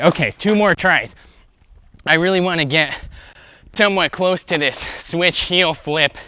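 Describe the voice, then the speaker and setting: A young man chats through his skateboarding livestream with a bright, tense voice pitched a little high. He rambles, full of fillers, upbeat and a bit out of breath. The sound is dry and close. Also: a little slow, no room sound. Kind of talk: casual livestream chat while skateboarding. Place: outdoors skating.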